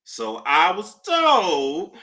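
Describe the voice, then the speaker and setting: A woman hosting a casual celebrity gossip talk, animated, with nervous laughter and dramatic gasps. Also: fairly low pitch, extremely slow.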